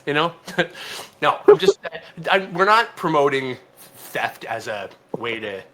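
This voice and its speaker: A man rants his way through a comedy podcast, stammering and repeating himself. His voice is bright and forceful, with pitch that leaps around. A faint hiss of ambience sits under him. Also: very animated. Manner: halting, repeats words, ranting. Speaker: podcast co-host. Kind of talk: casual comedy podcast banter.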